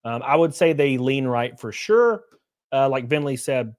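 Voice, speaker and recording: A man's voice: mid-range voice, lively intonation, measured pace. A man hosting a live stream, talking crudely and joking with his chat, laughing often. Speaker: streamer host. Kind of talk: casual live-stream commentary.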